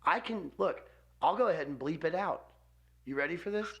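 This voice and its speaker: A man hosting a podcast in casual chat, teasing his co-host in a deadpan way. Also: fairly high pitch, fairly quick, breathy edge.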